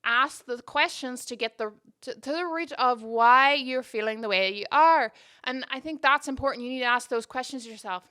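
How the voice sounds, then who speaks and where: A woman's voice: sits high, moderate pace, bright, forceful tone, clear, resonant tone. A woman from Northern Ireland with a mostly Canadian accent and traces of Northern Irish, hosting a casual podcast monologue close to the mic, candid and reflective with frequent restarts. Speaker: podcast host. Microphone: close microphone.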